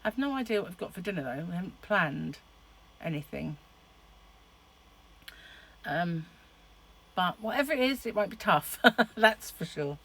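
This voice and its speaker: A woman's voice: on the low side, expressive, unhurried, long pauses, fairly bright tone, breathy edge, poor audio. A middle-aged woman chatting casually to camera in a rambling, laughing way. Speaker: vlogger.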